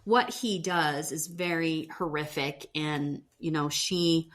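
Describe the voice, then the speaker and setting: A woman's voice: deep voice, takes it slowly, fairly bright tone. A woman co-hosting a podcast, recapping a TV show in casual chat, with lots of "um" and "you know". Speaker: podcast co-host.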